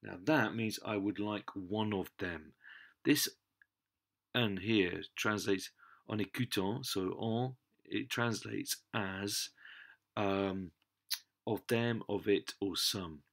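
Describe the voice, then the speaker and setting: A man's voice: fairly low pitch, takes it slowly, vocal fry, a bit bright. A man teaching a language lesson from a worksheet, chatty and explaining with asides and self-corrections. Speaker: French teacher. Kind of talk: talking through a worksheet in a lesson video.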